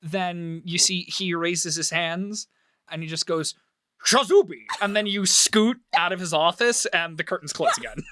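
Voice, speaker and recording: A man acting as game master, narrating a tabletop game in a lively, storytelling way. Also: a little high, moderate pace, smooth.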